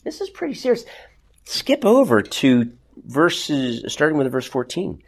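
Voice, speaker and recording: A man's voice: on the high side, wildly swooping pitch, unhurried. A man teaching an interactive Bible study to a small group in a church classroom. He talks conversationally, often restarts his sentences and asks the class questions.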